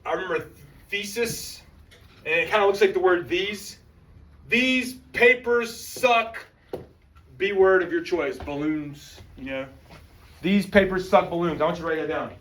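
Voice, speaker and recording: High-pitched, energetic male teacher. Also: normal speed, recorded from a distance, a little hiss or hum. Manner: energetic, slangy, calls on students. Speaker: high school history teacher. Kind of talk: classroom lecture. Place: classroom.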